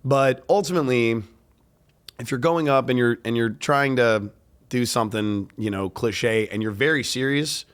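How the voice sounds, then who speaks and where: A man's voice: medium pitch, normal speed, smooth. Rambling young man co-hosting a podcast. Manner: rambling, hesitant, many fillers and restarts. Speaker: podcast co-host. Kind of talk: casual chat.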